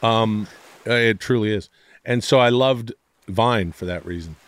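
A man's voice: on the low side, unhurried, dry recording. A man as a podcast guest, telling comic stories in a loose, profane way and acting out quotes in silly voices. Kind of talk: animated comedic storytelling.

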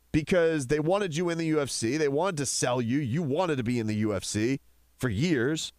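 A man's voice: a little high, no echo, studio quality. A man hosting a chat show, ranting with passion and firing off rhetorical questions. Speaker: podcast host. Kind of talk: opinionated casual chat.

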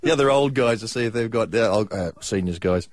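A man's voice: mid-range voice, quick pace. A middle-aged man with an Australian accent, a radio co-host telling stories and acting out quoted voices. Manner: animated storyteller, acts out quotes. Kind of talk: storytelling on radio. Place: radio studio.

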